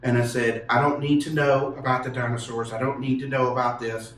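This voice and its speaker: A man, earnestly telling a personal story with halting restarts. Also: medium pitch, little pitch movement, a bit bright. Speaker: podcast guest telling his testimony. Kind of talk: casual storytelling. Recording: echoey room, mic far off.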